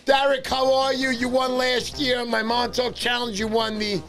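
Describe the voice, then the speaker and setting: Loud hyped male livestream host. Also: very high-pitched, monotone, moderate pace, faint music behind. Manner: loud, hyped, shouting cheers. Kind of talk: excited casual livestream chat.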